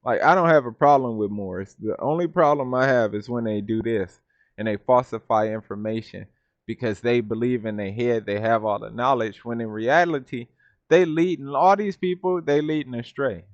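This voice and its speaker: A man talks through a reaction video in loose, casual commentary, laughing often and sounding openly incredulous. His voice sits at a middle pitch. The recording is dull and lo-fi, with a very dry, close sound. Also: moderate pace, no room sound.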